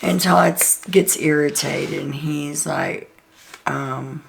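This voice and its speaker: A woman's voice: sits low, fairly even intonation, slow, vocal fry, slight background noise. A woman host chatting through a casual, gossipy recap of a reality show, full of "like" and "um".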